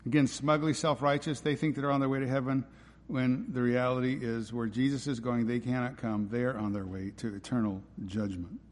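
A man's voice: mid-range voice, steady tone, quick pace, big-room sound. A man preaching a sermon as pastor, emphatic and driving, often posing rhetorical questions.

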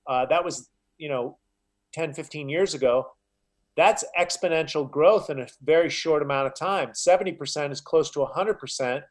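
A man's voice: fairly high pitch, moderate pace. A man talking as a guest in a casual interview, earnest and a little preachy, often filling with "you know". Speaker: podcast guest, health coach.

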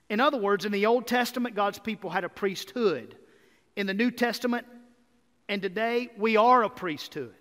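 High-voiced pastor preaching in a reverberant hall. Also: male voice, normal speed, long pauses. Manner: energetic, rising to emphatic repeated lists. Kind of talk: sermon. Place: church sanctuary.

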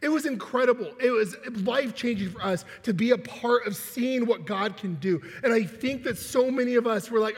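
A young man preaching, telling a story in an animated way and acting out the voices of the people in it. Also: very high-pitched, fairly quick, few pauses. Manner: animated, acts out quoted voices with laughs. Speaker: pastor. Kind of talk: sermon with storytelling. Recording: long hall reverb.

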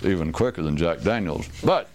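A man's voice: sits low, animated, brisk, a crowd in the background. A man giving a rambling, wry talk to a small group, restarting sentences and acting out quoted voices.

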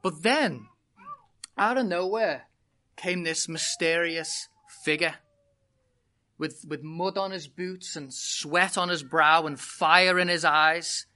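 A British-accented preacher delivers a sermon to a congregation, leading with a lively, humorous story. The voice is bright and crisp, with plenty of energy in the telling. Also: mid-range voice, slow. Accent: British English. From Britain. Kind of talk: sermon with an opening personal story.

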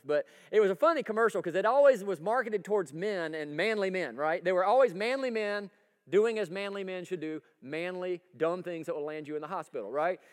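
A man preaching a folksy, energetic sermon and asking the congregation for agreement. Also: sits high, big-room sound. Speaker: pastor. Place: church sanctuary.

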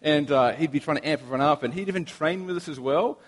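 Young Australian male preacher, slightly raised pitch, easygoing anecdotal delivery, long hall reverb. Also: fast talker. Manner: relaxed, anecdotal storytelling with humor. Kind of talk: sermon.

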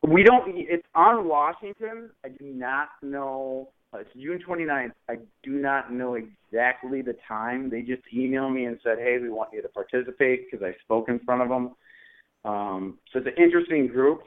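Earnest, halting man candidate, phone-line sound. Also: medium pitch. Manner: earnest, halting, lots of fillers. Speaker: mayoral candidate guest. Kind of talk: casual interview answers.

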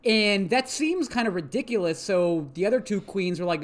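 A podcast co-host recapping a TV episode in casual chat, animated and rambling, swearing freely. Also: medium pitch, fairly quick, hardly any pauses.

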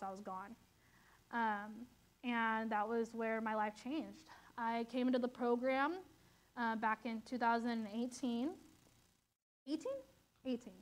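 A young woman telling her personal recovery story as a testimony, halting often and acting out the voices of others in dialogue. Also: fairly high pitch, fairly bright tone. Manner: halting, many fillers, quotes others in dialogue. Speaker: testimony speaker.

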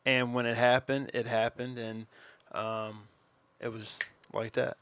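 A man co-hosting a podcast who speaks in an earnest, reflective, measured way. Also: medium pitch, level tone, a bit bright. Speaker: podcast co-host. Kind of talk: casual chat.

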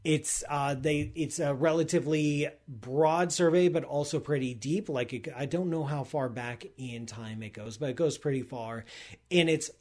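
A man's voice: on the high side, normal speed, a little mellow. A man hosting a live stream in casual chat, talking enthusiastically with lots of restarts and asides. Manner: rambling, enthusiastic, self-interrupting with likes and restarts. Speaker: livestream host. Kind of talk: casual chat with sponsor read and cheese tasting.

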